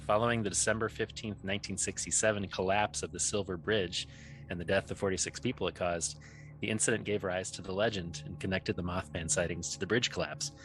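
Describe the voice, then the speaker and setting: A man's voice: low voice, steady tone, brisk, a bit bright, faint music behind. A man co-hosting a casual podcast, reading trivia questions aloud and joking with his co-host. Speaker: podcast co-host, quiz master.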